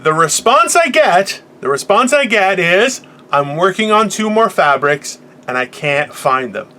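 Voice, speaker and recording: Brief: man in his 40s, bright high voice, profane rant with loud bursts, faint room hiss. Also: unhurried. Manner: animated, profane storyteller who bursts into loud, high outbursts. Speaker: podcast co-host. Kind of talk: casual motivational rant.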